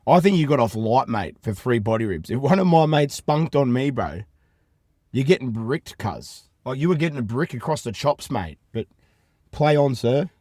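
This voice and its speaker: A brash Australian man hosts a crude, casual podcast from inside his van. He talks loud and rowdy, full of swearing and matey banter aimed at his listeners. His voice sits in an ordinary middle register and sounds close and dry, with no room echo. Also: mid-range voice, lively intonation, moderate pace. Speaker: podcast host.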